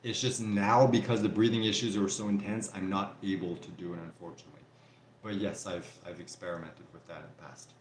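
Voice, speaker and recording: Reading viewer comments aloud during a livestream Q&A, this Canadian host talks a little fast in a low, steady voice. His French Canadian accent and frequent "like" and "you know" mark the casual chat, which echoes in a reverberant room with slight background noise.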